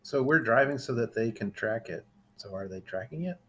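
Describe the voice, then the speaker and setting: A man with a husky, mid-pitched voice plays along in a text adventure. He chimes in with short quips, questions and prompts, casual and brief. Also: animated, moderate pace, sharp tone. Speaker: co-player. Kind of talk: casual game co-commentary.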